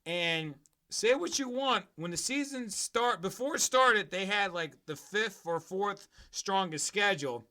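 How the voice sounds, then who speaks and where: A sports podcast host talks high in his range with a bright, cutting tone, expressive and at a measured pace. In casual chat he veers into profane, mocking tangents.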